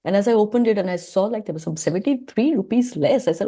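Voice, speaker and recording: A woman's voice: medium pitch, lively intonation, fairly quick, mellow. A middle-aged woman, a podcast guest vividly telling a story from her childhood and acting out the dialogue. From India. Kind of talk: storytelling interview.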